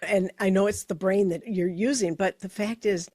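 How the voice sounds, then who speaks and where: A woman co-hosting a motivational podcast, speaking in a measured, reflective way as she builds her points. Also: mid-range voice, steady tone, mellow, dry recording, clean studio sound. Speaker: podcast co-host. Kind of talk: casual motivational chat.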